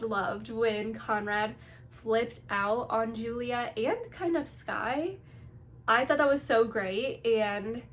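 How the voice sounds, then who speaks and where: A young woman with a slightly bright, fairly high voice vlogs her reactions to a TV episode. Her chat is casual, bubbly, and gushing, packed with "like" and "you guys."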